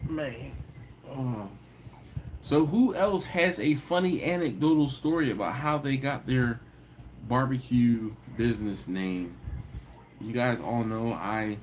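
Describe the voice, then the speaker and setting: A man's voice: a little mellow, slight background noise. Laughing man chatting live. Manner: storytelling, laughs often, acts out quoted people in a higher voice. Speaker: host of a live barbecue channel stream. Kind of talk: casual live-stream chat with viewers.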